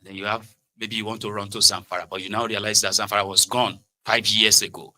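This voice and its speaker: Mocking people through imitation, this Nigerian man with a Yoruba-flavored accent gives animated political commentary that hops between Pidgin, Yoruba, and English. He speaks fast, in a voice on the low side.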